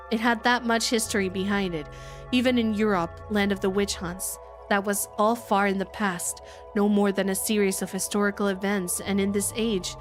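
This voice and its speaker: A woman voicing a composed adult female researcher in a visual novel readalong, speaking in a measured, lecturing way. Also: mid-range voice, close to an everyday voice.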